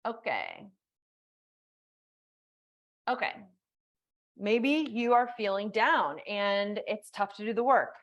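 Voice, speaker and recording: A woman hosts a live coaching stream in an easygoing, chatty way, peppering her talk with "like" and working through viewer comments as she goes. Her voice sits at an ordinary middle pitch for a woman. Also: very animated, measured pace, long pauses, lo-fi sound. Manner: casual and chatty, with many "like"s, reading viewer comments aloud. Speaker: law of attraction coach and host.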